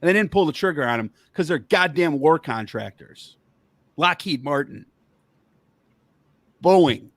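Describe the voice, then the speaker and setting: A man's voice: a little high, lively intonation, measured pace, pauses often, no echo. A man hosting a podcast, angrily ranting about politics and swearing heavily. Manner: angry, heavy swearing, worked up. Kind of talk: profane political rant.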